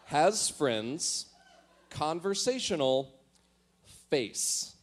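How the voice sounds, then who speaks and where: With a fairly high voice that swings widely in pitch, a man reads his teenage diary aloud very slowly over slight background noise. He plays the entries with dramatic, mock-earnest flair, often laughing at himself mid-line and tossing in sheepish asides, a storyteller turning his old diary into comedy.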